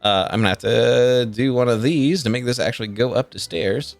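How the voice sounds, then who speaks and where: A man's voice: mid-range voice, brisk, gravelly, soft background music. A man narrating as game master of a tabletop game, rambling with many fillers, cursing and laughing along.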